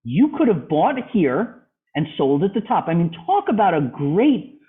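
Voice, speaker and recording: A man with a high, very animated voice speaks a little slowly while running a trading club lesson over video call. He explains charts and quizzes a student, and the sound is phone-like.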